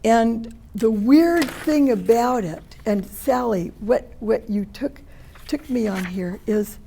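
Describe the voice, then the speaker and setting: A woman poet giving a talk, telling personal stories and reading verse aloud, slowing and swelling on the poems. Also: on the high side, gravelly, a little hiss or hum. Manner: lively, personal storytelling. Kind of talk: storytelling talk with poetry readings.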